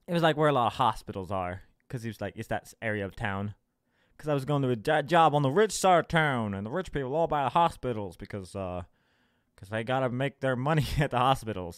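A man's voice: mid-range voice, clean tone, dry recording, clean studio sound. A young man hosting his own podcast, ranting casually with lots of swearing, sarcasm and laughter. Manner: sarcastic, swearing, laughing mid-sentence, mocking voices. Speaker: podcast host. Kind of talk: casual solo rant. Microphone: home recording setup.

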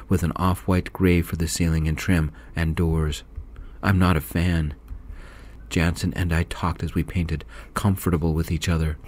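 Soft-spoken deep-voiced male storyteller. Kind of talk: whispered role-play.

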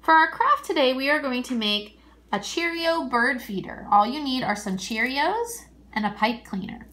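A woman who is a children's librarian, leading a toddler storytime in a gentle, encouraging, sing-song teacher voice. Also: sits high, lively intonation, moderate pace. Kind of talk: speaking slowly and simply to toddlers. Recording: roomy echo.

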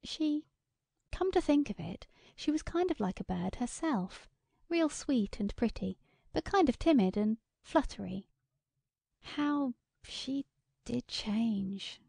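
A woman voicing a rural farm wife who rises into high, excited cries. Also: a little slow, vocal fry, dry recording, exaggerated voice. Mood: wistful.

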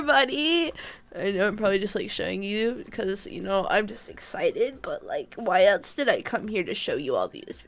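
A young woman streaming a game live, bubbly and giggly, chatting excitedly with her viewers. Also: sits high, smooth. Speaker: gaming streamer. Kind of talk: live-stream gameplay chat.

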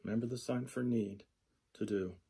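A man's voice: fairly low pitch, steady tone, moderate pace, creaky, warm tone, slightly rough. A man giving a lecture, working through a textbook page by page, thinking aloud and repeating example phrases. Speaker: sign language instructor.

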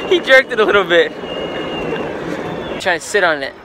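A man's voice: high voice, lively intonation, moderate pace. A young man vlogging outdoors at night on a street and a parking garage roof, joking with a friend and laughing often, recorded on a handheld camera mic with passing cars around him. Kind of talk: casual vlog chat. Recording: noisy outdoor camera audio. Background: street noise, passing cars.

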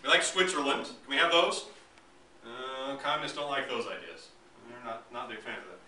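A man's voice: medium pitch, moderate pace, sharp tone. A man giving a public history lecture, joking and acting out the voices of both sides. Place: lecture hall. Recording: echoey hall, mic from a distance, faint room noise.

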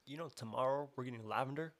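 A man's voice: mid-range voice, fast, a crowd in the background. A young man chatting casually with friends on a podcast, filling his talk with "like" and offhand swearing. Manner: relaxed, filler-heavy, says "like" constantly. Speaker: podcast guest. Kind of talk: casual chat among friends.

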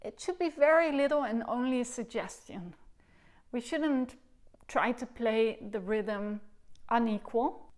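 A woman with a somewhat high voice teaches recorder technique in an instructional video. She explains each point clearly and patiently. She breaks into sung syllables to show how the tongue should move. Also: unhurried, darkish tone. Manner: demonstrates articulation by singing syllables.

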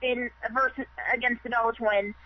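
A woman's voice: on the high side, fairly even intonation, moderate pace, no echo, muffled recording. A woman calling into a radio show, chatting and rambling on. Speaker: caller. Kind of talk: chatty call-in.

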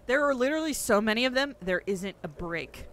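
A young woman giving excitable let's play commentary, swearing often and yelping at the screen. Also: on the high side, fairly quick. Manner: excitable, swears a lot, yelps and shouts at the screen. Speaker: gaming streamer.

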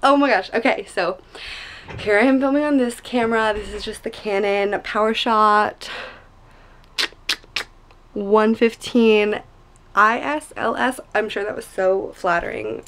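A young woman chatting casually in a home vlog, bubbly and excitable, rambling with many fillers. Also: mid-range voice, measured pace, poor audio. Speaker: vlogger.

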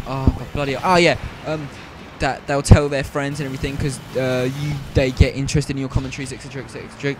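A man's voice: mid-range voice, fairly even intonation, brisk, a little mellow, a little hiss or hum. A man giving gameplay commentary, rambling, stumbling over words and apologizing often. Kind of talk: video game commentary.

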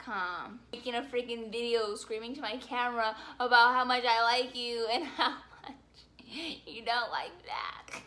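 A young woman vlogging alone, ranting in a dramatic, self-mocking way that swings from mumbling to yelling. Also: on the high side, steady tone, moderate pace. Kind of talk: casual ranting vlog.

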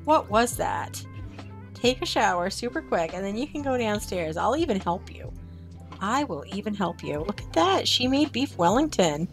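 A woman's voice: mid-range voice, big pitch swings, normal speed, faint music behind. A woman streamer casually commenting on her gameplay, chatting to her game characters and her viewers.

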